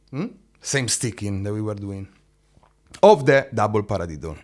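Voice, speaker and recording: A man's voice: fairly low pitch, lively intonation, normal speed, pauses often, a little mellow. A man teaching a drum lesson, counting beats aloud, singing drum syllables and checking in with "no?" and "eh?".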